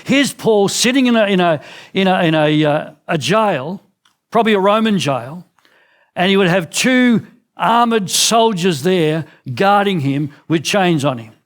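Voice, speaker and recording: A man's voice: lively intonation, unhurried. Earnest Australian man preaching. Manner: earnest, with frequent restarts and drops in pitch. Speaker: pastor. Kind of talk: sermon. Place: church.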